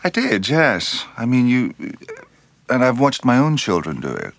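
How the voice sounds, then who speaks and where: An Irish-born actor being interviewed, speaking thoughtfully and unhurriedly, often restarting and trailing off mid-phrase. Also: male voice, mid-range voice, very animated, unhurried, creaky, no echo. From Ireland. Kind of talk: reflective interview conversation.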